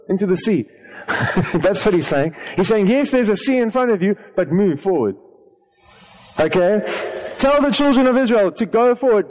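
A man's voice: high-pitched, darkish tone. A man preaching a sermon, reading scripture aloud and stopping to explain it, often repeating words as he goes. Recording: long hall reverb.

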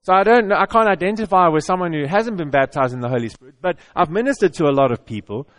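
A middle-aged male pastor preaches in an earnest, conversational manner. His voice sits a little high for a man, and he often stumbles back over his words before pushing on. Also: animated, quick pace. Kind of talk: conversational sermon.

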